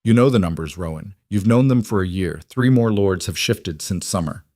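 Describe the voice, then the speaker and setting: Storybook role: man reading a patient, dry old counsel, quiet and measured, low voice, close dry sound. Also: lively intonation, no echo. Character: shrewd older male royal counsel, dry and patient.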